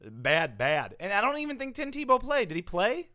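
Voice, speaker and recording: A man's voice: high voice, huge pitch swings, moderate pace, pushed and bright. A man co-hosting a comedy sports podcast, bantering playfully. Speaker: podcast co-host.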